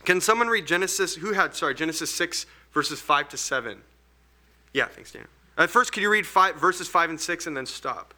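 Bright-voiced man leading Bible study. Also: a little high, lively intonation, moderate pace. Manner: earnest and explanatory, thinks aloud with restarts. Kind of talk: teaching a group Bible study.

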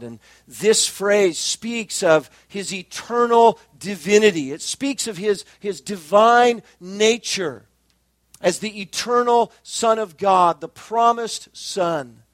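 A man preaching an expository sermon, measured and emphatic, slowing down to stress key phrases. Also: sits high, dry recording. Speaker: pastor.

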